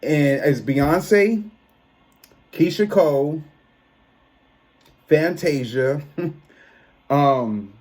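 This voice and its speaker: A man, giving a chatty, expressive album review that often trails off and restarts. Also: on the high side, very slow, pauses often. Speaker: tarot reader and music reviewer. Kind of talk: casual album review monologue.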